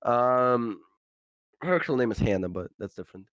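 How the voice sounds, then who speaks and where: A man's voice: medium pitch, animated, normal speed, a bit bright, no room sound. Rambling young man with a dull, dry mic. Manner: rambling, swearing, laughing storyteller. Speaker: podcast co-host. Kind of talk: casual podcast chat.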